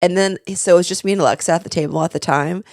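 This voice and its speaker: A young woman co-hosts a podcast in a chatty, animated storytelling manner. Her voice sits a little low and has a gravelly fry. She talks quickly, and the sound is dry and close. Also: dry recording. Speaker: podcast co-host. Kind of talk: casual chat.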